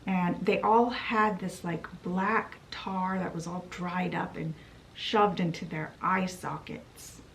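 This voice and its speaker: Brief: unhurried young woman vlogger, casual plot retelling full of "she's like". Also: fairly low pitch, fairly even intonation, creaky, fairly bright tone, a little hiss or hum, rough recording. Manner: storytelling with fillers like "she's like". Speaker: book vlogger. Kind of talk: casual book summary.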